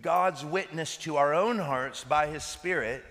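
Animated pastor preaching in echoing hall. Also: male voice, a little high, a little slow. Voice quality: animated, laughs between anecdotes. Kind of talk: sermon with storytelling. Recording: reverberant hall.

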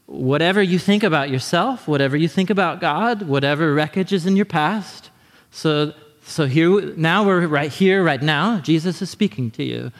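Animated conversational man preaching in a hall. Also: fairly high pitch. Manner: animated, conversational, acts out quick voices. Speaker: pastor. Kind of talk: sermon.

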